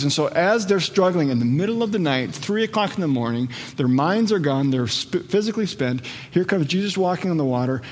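A male pastor giving a conversational sermon, often dropping low and quiet for emphasis, in a church hall. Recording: long hall reverb.

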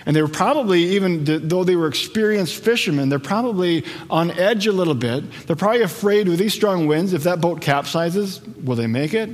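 A male pastor giving a conversational sermon, often dropping low and quiet for emphasis, in a church hall. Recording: long hall reverb.

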